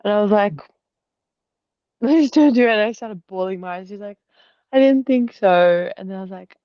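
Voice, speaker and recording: A woman's voice: medium pitch, normal speed, dry recording. A young woman from Australia telling a personal story in a casual, rambling way, full of fillers, on a video call. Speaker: artist sharing in a group call. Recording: dull, lo-fi video call audio.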